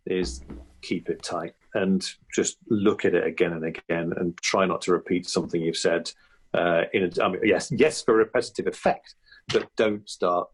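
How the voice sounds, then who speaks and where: A male comedian and impressionist is the guest on a podcast interview, speaking in a reflective, chatty way with lots of restarts and asides. His voice is low and husky, with fairly even intonation and a moderate pace.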